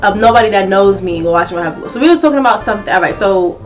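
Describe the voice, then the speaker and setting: A young adult woman telling a casual story-time vlog, animated and laughing a lot as she talks. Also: mid-range voice, very fast, soft background music. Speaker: vlogger.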